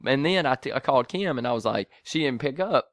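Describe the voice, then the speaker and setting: A man's voice: medium pitch, fast talker, dry recording. Guy telling a wild story, swears a lot, does the voices, dry close mic. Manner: animated, profane, acts out voices, laughs a lot. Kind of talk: casual storytelling.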